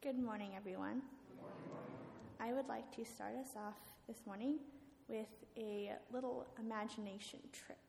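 A woman's voice: fairly high pitch, fairly even intonation, moderate pace, gravelly, a little mellow, a little hiss or hum. A woman telling a story as a sermon in a church, talking casually with filler words. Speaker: guest speaker. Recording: echoey hall with faint ambience.

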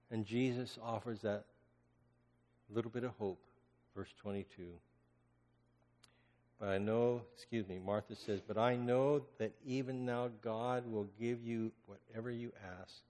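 A man's voice: medium pitch, fairly even intonation, unhurried, pauses often. Preaching man in a reverberant hall. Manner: dramatic, swings from loud cries to hushed murmurs. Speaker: pastor. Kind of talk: sermon.

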